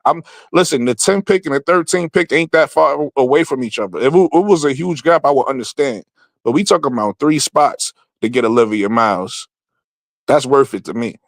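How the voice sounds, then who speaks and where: A man arguing sports picks in a casual podcast debate, cutting in again and again and pressing his co-host for a straight answer. His voice sits at an ordinary pitch and sounds dry and close, with no room around it. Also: fairly quick, dry recording. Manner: insistent, interrupting, pressing for a direct answer.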